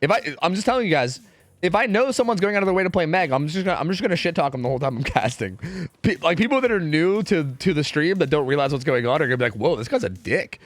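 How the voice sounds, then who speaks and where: A man's voice: fairly high pitch, animated, fast talker, dry recording. A young man casting esports scrims live on stream, profane and trash-talking as he commentates.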